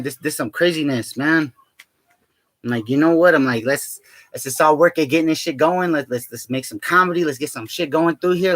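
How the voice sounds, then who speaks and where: An adult man with a child rambles casually in a vlog, swearing a lot, adding "man" to his lines and laughing often. His voice is fairly high and a bit bright.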